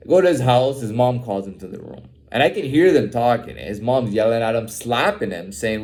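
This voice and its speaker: A man's voice: mid-range voice, lively intonation, moderate pace, hardly any pauses, darkish tone. A man ranting in a heated, profane way, repeating himself and ending lines with "man". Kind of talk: candid personal rant.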